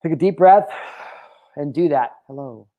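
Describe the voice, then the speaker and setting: A man's voice: a little high, a little fast, phone-quality sound, background noise. Candid, profane man in his thirties. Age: 30s. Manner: candid and profane, tangent-prone, with filler words. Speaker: host. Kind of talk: casual motivational talk.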